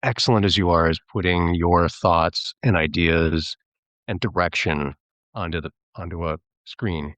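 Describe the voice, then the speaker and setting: Deep-voiced man, chatty film guest. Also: unhurried, a bit bright, dry recording. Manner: chatty, rambling, slips into mimicking voices when quoting. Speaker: filmmaker and actor, guest. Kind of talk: casual podcast interview.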